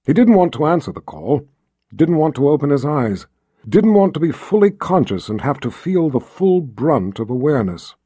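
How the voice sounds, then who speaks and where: A male narrator reads a fantasy novel aloud, with a husky, dark timbre. His delivery is lively and full of pitch movement. It is recorded close and dry. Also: moderate pace, no room sound. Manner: expressive storytelling, voicing every character. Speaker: audiobook narrator. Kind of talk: scripted narration.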